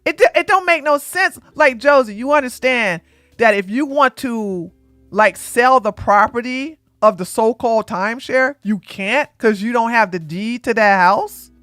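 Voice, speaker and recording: Lively high-pitched woman streamer, sarcastic. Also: a little slow, no room sound, soft background music. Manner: animated, sarcastic, breaks into laughter. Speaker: commentary streamer. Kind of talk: live-stream commentary.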